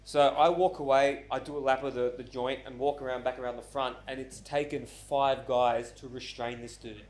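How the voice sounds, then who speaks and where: A man in his twenties or thirties tells stories on his podcast in a loose, unfiltered way. He swears freely and jumps into the voices of the people in his stories. His pitch sits at an ordinary middle height for a man. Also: moderate pace, hardly any pauses. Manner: animated storyteller who acts out quoted voices, swears often. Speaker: podcast host. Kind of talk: casual storytelling chat.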